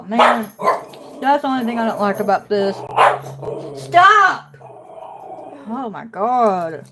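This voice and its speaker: A woman's voice: mid-range voice, slight background noise. Chatty woman streaming from home. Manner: chatty, scolds her dog between remarks to viewers. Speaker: puzzle live streamer. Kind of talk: casual livestream chat. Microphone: phone.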